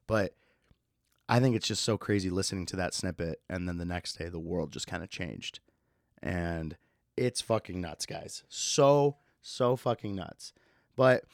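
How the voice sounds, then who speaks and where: A man's voice: fairly low pitch, no echo, studio quality. A man in his twenties hosting a casual solo podcast, laid-back, swearing freely and laughing at his own stories. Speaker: podcast host.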